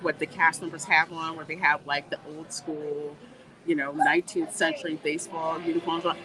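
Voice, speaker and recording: A woman hosting a casual livestream while walking through a theme park, reading viewer comments and chatting in an animated way. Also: low voice, normal speed, a crowd in the background. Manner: chatty and animated, warm greetings, laughs often. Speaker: livestream host. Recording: noisy outdoor livestream audio. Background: park ambience and music.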